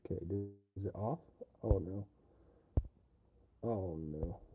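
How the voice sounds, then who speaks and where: A man's voice: sits low, slow, background noise. A man live-streaming from home, talking casually in a flustered, exclamatory way.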